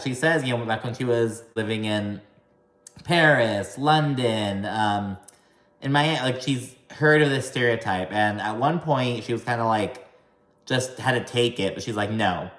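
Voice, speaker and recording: A man casually recaps a reality show full of gossip and swearing, doing high, exaggerated impressions of what the cast said. His tone is fairly bright and the sound roomy.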